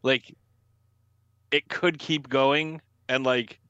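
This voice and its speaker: A young man co-hosting a casual movie podcast, animated and acting out scenes in mocking voices. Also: mid-range voice, very slow, clean tone, no echo, dull audio. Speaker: podcast co-host. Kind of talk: casual movie review chat.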